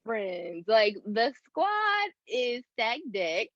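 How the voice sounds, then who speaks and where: A woman's voice: a little high, very animated, extremely slow, fairly bright tone, no echo. A woman hosting a podcast in casual chat, emphatic and teasing. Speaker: podcast host. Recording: dry, dull lo-fi sound.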